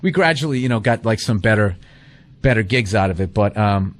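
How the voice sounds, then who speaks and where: A man's voice: lowish voice, lively intonation, brisk. A middle-aged man, a comedian, telling rambling self-deprecating road stories full of swearing. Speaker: comedian guest. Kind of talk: casual storytelling chat.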